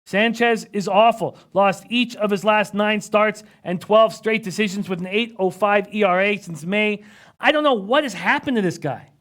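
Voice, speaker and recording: A man with a fairly high voice hosts a live betting stream, running through odds, averages and line moves. He talks quietly and close to the mic, and he keeps the numbers coming fast. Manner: rapid stat-heavy rundown, reads out chat comments. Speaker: sports betting analyst.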